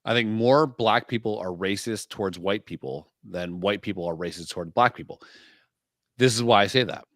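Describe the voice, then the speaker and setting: A man with a low-leaning, fairly bright voice co-hosts a podcast, making provocative and profane jokes in casual banter with quick shifts of emphasis. The recording is dry and clean, with a studio sound.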